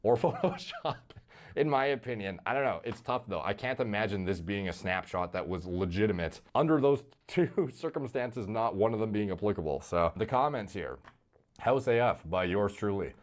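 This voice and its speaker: A man's voice: fairly low pitch, expressive, moderate pace. A man giving casual, profane commentary about a fighter's physique in a video played on stream.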